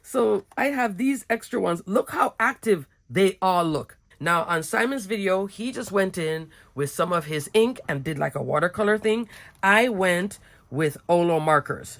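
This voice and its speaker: Giggly raspy woman crafter. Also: fairly low pitch, animated, moderate pace. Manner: goofy, giggly, bubbly. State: a little sick, hoarse. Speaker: card-making crafter. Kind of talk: casual craft tutorial chat.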